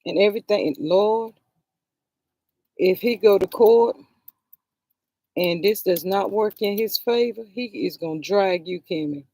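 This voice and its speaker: A woman's voice: mid-range voice, a little slow, long pauses, mellow, dry recording. A woman giving heated livestream commentary on a reality show, scolding the people she talks about directly and sighing in exasperation. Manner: exasperated, sighs "Lord have mercy".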